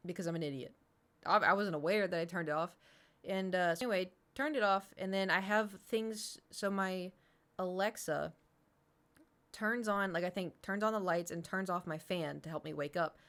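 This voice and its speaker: A woman's voice: fairly low pitch, moderate pace, fairly bright tone. A young adult woman streamer telling a long story in casual chat, rambling with lots of fillers and swearing.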